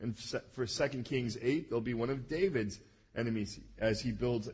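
A man's voice: mid-range voice, normal speed, darkish tone, husky. A man preaching a sermon in a conversational way, often checking that his listeners follow and acting out the lines of the people he talks about. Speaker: pastor.

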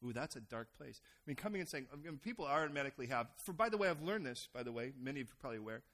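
A middle-aged American man preaching a sermon as pastor, animated and acting out other people's voices. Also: fairly high pitch, very fast. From United States.

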